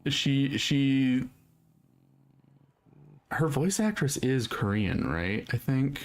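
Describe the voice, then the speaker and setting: A man's voice: mid-range voice, lively intonation, drawn-out words. A man streaming a video game, chatting casually in a rambling way and laughing easily. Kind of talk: casual chat while gaming.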